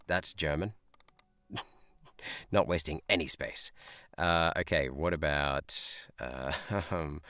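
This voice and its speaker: Low-voiced guy streaming a game, rambling and laughing, dry close sound. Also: a bit bright, dry recording. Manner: thinks aloud, chatty, laughs often. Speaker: teacher streaming a browser game. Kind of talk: live gameplay chat.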